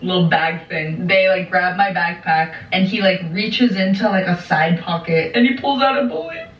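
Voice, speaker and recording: A woman's voice: lowish voice, animated, moderate pace. A young woman telling a dramatic story vlog-style, swearing a lot and mimicking the voices of others. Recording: roomy, distant, dull lo-fi sound.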